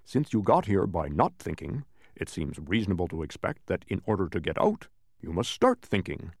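A man voicing a stern, impatient watchdog in a storybook reading, speaking gruffly in a lowered voice. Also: sing-song, normal speed, a little mellow, no echo, studio quality, exaggerated voice. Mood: lecturing. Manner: gruff, lecturing.

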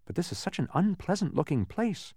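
A man's voice: sits high, big pitch swings, fairly quick, dark tone, husky, dry recording, studio quality, pitched above the performer's own voice, exaggerated voice. Man doing Milo, an eager young boy. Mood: earnest.

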